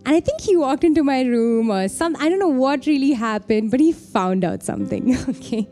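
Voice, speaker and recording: A woman's voice: high-pitched, animated, moderate pace, dark tone, faint music behind. A young woman from India telling a heartfelt personal story in a casual, chatty way, often saying "like" and "you know.". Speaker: storyteller sharing a personal testimony.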